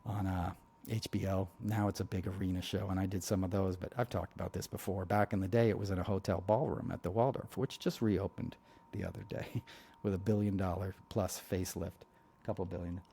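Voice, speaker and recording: A podcast host speaks in a fairly low, mellow voice. He talks bluntly and heatedly, rambling through asides and filling gaps with "you know." The delivery is loose and conversational, like a monologue to regular listeners. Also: fairly even intonation, brisk, gravelly, breathy edge. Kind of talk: casual political monologue.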